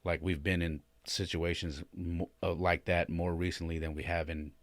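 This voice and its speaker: A man with a very low voice tells a story in casual podcast talk, slipping into quoted voices and pausing on fillers. He sounds shaken. The recording is dry and close. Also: no room sound. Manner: retells with animated quoted voices, many fillers. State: shaken and emotional. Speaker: podcast host.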